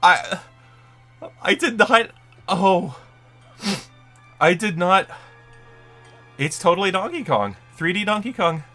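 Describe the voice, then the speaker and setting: Excitable man reacting live, high voice. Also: takes it slowly, long pauses, soft background music. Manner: excitable, swings from muttering to shrieking. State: crying with excitement.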